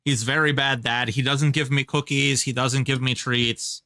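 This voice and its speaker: A man's voice: mid-range voice, steady tone, moderate pace, bright, forceful tone, no room sound. A man voicing his pet dog as a whiny, mopey animal complaining that it gets no treats.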